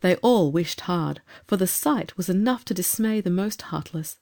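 Mellow-voiced woman narrating a storybook. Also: on the low side, lively intonation, normal speed. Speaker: audiobook narrator.

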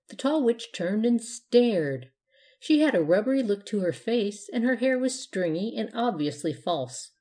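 A woman reading a children's story aloud at a measured pace. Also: mid-range voice, very animated, dark tone.

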